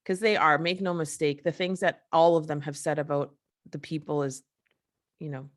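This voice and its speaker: A woman's voice: deep voice, fairly even intonation, normal speed. A woman host giving an emotional solo monologue, impassioned and profane, full of restarts and rhetorical questions. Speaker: podcast host.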